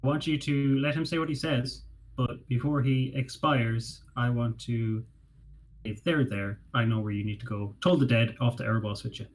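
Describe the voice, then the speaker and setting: A man's voice: mid-range voice, fairly even intonation, moderate pace, slight background noise, poor audio. A man playing a tabletop game, talking casually about his character's actions. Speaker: player.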